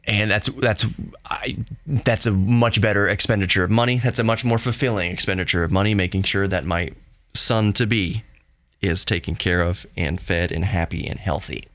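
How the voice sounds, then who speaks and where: A young adult man hosts his own podcast, reading hardware specs aloud and breaking off into jokey, excitable asides. His voice sits on the low side and he stumbles and corrects himself as he goes. The sound is close and dry, with no room around it. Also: normal speed, no echo. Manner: gentle sign-off encouragement. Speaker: podcast host.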